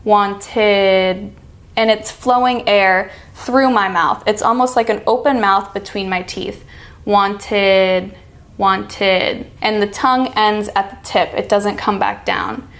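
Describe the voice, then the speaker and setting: Woman teaching slow, careful pronunciation. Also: medium pitch, steady tone, a bit bright. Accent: American. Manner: slow, demonstrating each sound. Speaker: accent coach. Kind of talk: pronunciation lesson.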